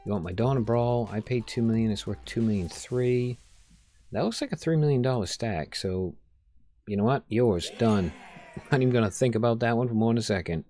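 At a moderate pace and medium pitch, with a dark tone, this man comments casually on his game from his home room during a rainstorm. Over faint music, he jokes around, reads customers' lines out loud, and talks to himself.

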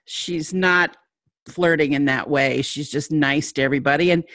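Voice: medium pitch, moderate pace, no room sound, clean studio sound. A co-host in a casual commentary chat, who mostly answers with short agreeing replies and sometimes adds a longer point. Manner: brief agreeing replies, relaxed.

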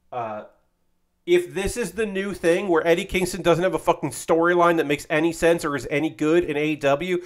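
Male streamer, loose casual chat, rambling and profane, somewhat high voice, eager and heartfelt. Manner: rambling, profane, enthusiastic about wrestling; frequent fillers and restarts, acts out quotes animatedly.

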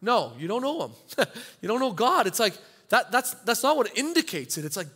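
Animated, bright-voiced male pastor. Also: high-pitched, normal speed, slightly rough. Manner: animated, acts out congregants' inner voices. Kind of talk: sermon.

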